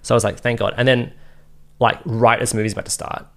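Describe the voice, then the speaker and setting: A man's voice: mid-range voice, level tone, quick pace, a bit bright. A man with an Australian accent co-hosting a casual podcast chat, rambling and laid-back with lots of fillers. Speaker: podcast co-host.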